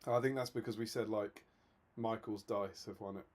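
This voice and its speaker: A man co-hosting a casual livestream, telling stories in an animated, exasperated way. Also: fairly low pitch, moderate pace. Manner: animated, exasperated storytelling with laughs. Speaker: co-host.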